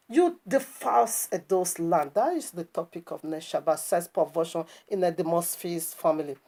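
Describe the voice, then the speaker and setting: A woman's voice: lowish voice, lively intonation, normal speed, few pauses, warm tone. A woman preaching online in an impassioned, scolding commentary that is full of rhetorical questions and stammered restarts.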